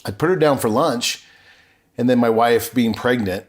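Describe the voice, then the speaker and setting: A man's voice: mid-range voice, moderate pace. A middle-aged man, a podcast guest, telling his personal story in an earnest, openly emotional way with frequent restarts.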